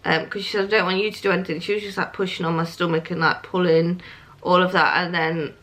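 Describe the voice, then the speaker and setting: A woman's voice: lowish voice, little pitch movement, fast talker, a bit bright. A young woman telling a personal story to camera in a casual, chatty way, with many "um"s and "like"s. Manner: chatty, lots of "um" and "like". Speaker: vlogger.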